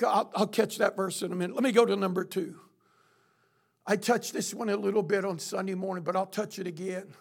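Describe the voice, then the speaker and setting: A man preaching from the pulpit in a very high, gravelly voice. He swings from quiet explanation into loud, shouted exhortation. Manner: preaching, often shouting with rising intensity. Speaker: pastor. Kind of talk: sermon.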